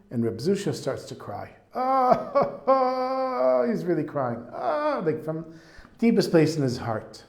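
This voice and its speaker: Man, mid-pitch, animated Torah teacher telling a story in an echoey room. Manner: chatty, animated, with fillers. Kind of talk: casual storytelling lesson. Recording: roomy echo.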